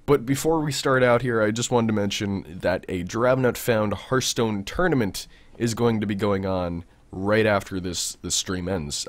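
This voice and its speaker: A low-voiced man hosts a casual podcast. He chats in an easygoing way, often letting his sentences trail off. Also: no echo. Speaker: podcast host.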